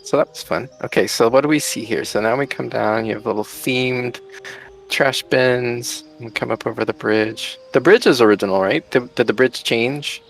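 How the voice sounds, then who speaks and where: Male host, gravelly mid-pitched voice, easygoing chatty delivery. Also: normal speed. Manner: chatty, laughs often. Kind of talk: casual chat over a game tour.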